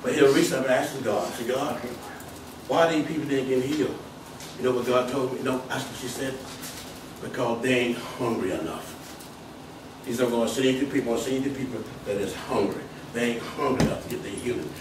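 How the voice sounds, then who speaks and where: A man preaching a fiery sermon, driving his points home with shouts and repeated phrases. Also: mid-range voice, fast, background noise. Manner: preaches with rising shouts and emphatic repetition. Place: church hall. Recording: echoey hall, mic from far off.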